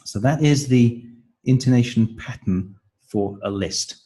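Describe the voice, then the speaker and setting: A man working as a teacher trainer, giving a measured, explanatory walkthrough of classroom pronunciation activities. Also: mid-range voice, dark tone, husky, low-quality recording. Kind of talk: instructional explanation.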